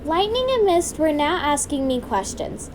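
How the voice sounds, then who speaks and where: A woman reading her own storybook aloud in an earnest, steady way. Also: high voice, moderate pace, noisy background.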